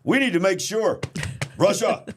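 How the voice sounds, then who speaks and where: A man voicing a boastful Russian man in a deliberately bad, exaggerated Russian accent, speaking in loud clipped slogans. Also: high voice, very animated, slight background noise, voice pushed up, heavily acted. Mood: mock boasting.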